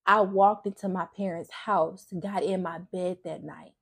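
A woman's voice: lowish voice, steady tone, a little slow, creaky, breathy edge. Earnest young woman sharing faith testimony. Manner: earnest, candid, emotional; casual speech with frequent restarts. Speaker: faith vlogger. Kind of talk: personal testimony talk.

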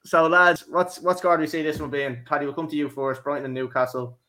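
A man's voice: a little high, flat delivery, quick pace, bright, forceful tone. Laddish man hosting a football podcast. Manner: laddish, jokey, addresses co-hosts as lads. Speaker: podcast host. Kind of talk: casual football podcast chat.

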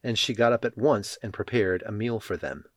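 Guy reading scripture slow and solemn, lowish voice, dry close sound. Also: dry recording. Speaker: scripture reader.

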